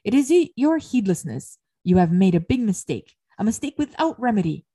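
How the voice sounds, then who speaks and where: A woman's voice: lowish voice, big pitch swings, moderate pace, dark tone. A woman voicing an angry, proud harvest goddess who scolds and makes solemn proclamations, read aloud within a lecture. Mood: stern. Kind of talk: dramatic reading within a lecture.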